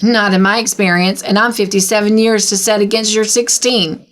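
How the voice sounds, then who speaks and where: A bitter, gloomy spinster in her late fifties, as a woman storyteller reads her, scoffing and contemptuous of everything. Her voice sits at an ordinary pitch for a woman, and the tone is that of a storybook read aloud. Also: fairly even intonation, moderate pace, lightly acted. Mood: sour. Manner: contemptuous, pessimistic. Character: sour, gloomy old woman, fifty-seven.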